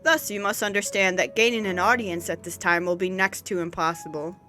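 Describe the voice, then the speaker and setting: A woman voicing a gentle, fatherly ancient giant man who speaks in a polite, formal way. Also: fairly low pitch, fairly even intonation, brisk, soft background music. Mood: kindly.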